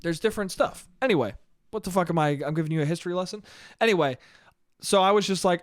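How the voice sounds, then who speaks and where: A young American man riffs alone into the mic in a loose, swearing, rambling way, breaking into laughter now and then. His voice sits a bit high for a man. The sound is dry and close, with no room around it. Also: a little fast, long pauses, no echo. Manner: rambling, profane, laughs often. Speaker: podcast host. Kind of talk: solo casual monologue.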